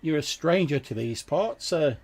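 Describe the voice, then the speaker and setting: A man's voice: a little high, animated, unhurried, pitched above the performer's own voice. Man doing a burly eager fisherman. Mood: anxious. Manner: eager, stammering, chatty villager. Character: burly friendly middle-aged male fisherman.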